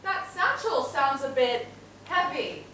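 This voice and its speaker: A woman's voice: high voice, expressive, slow, sharp tone, slight background noise, full character voice. Contemptuous soldier man, played by a woman, brusque, stage reading, far-off roomy sound. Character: scornful male British redcoat lieutenant. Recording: echoey hall, distant mic.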